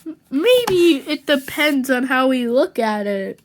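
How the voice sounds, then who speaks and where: A woman's voice: high-pitched, sing-song, slight background noise, exaggerated voice. Jake, a woman doing an earnest brainy comic hero. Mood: musing. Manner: earnest, quick and thoughtful.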